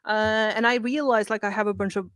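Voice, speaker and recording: A woman with a Norwegian accent carrying a slight Irish lilt, talking in a casual interview over a video call. She speaks in an animated, profane way, with many restarts and "like"s. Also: medium pitch, brisk, dry recording. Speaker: comic book writer guest.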